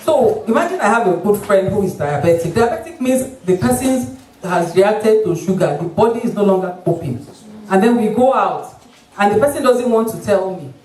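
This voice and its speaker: A Nigerian-accented doctor gives a health talk in a hall, lively and fond of mimicking patients. The voice sits in the middle of the pitch range and carries plenty of room sound. It is picked up from a distance, away from the microphone. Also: normal speed. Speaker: doctor, obstetrician. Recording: roomy hall, voice from far off the mic.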